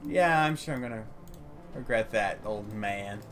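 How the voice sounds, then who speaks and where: A man's voice: fairly low pitch, unhurried, fairly bright tone, soft background music. A man streaming a role-playing game, making offhand joking asides. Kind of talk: casual let's play commentary.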